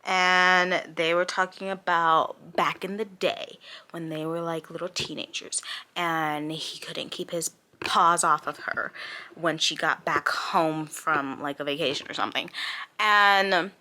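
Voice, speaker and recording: A young woman in her twenties with a bright, crisp voice, talking straight to camera about a book she disliked. She rants frankly and with exasperation, breaking into laughs between points, in loose, casual chat. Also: on the low side. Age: 20s. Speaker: book reviewer.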